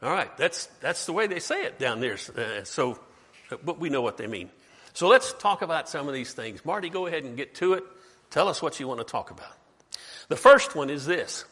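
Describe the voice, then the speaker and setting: Joking preacher in an echoing hall. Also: male voice, fairly high pitch, sing-song, a little fast, a bit bright, breathy edge. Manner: conversational, quizzes the congregation, joking asides. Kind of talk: sermon. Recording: long hall reverb.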